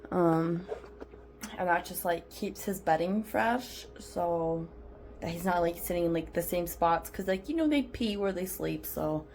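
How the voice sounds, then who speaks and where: In this casual pet care vlog with background music, an exotic pet keeper chats with plenty of fillers and coos baby talk to her animal. She has a lowish, slightly mellow voice, and there's slight background noise.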